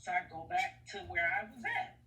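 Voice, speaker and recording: A woman's voice: lowish voice, big pitch swings, normal speed, bright, forceful tone. A woman vlogger telling a personal story in an earnest, rambling way, often repeating herself. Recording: echoey room, far from the mic.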